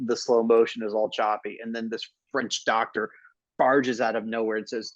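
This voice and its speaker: A man's voice: fairly low pitch, little pitch movement, normal speed, no echo. Playful man on a dull, dry mic. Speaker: podcast host. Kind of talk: casual film discussion.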